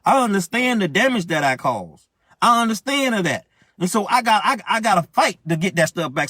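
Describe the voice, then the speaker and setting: Male minister, emphatic colloquial preacher with a fairly high voice, dry studio-like recording. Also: sing-song, a little fast, pushed and bright, no echo. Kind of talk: preaching on marriage.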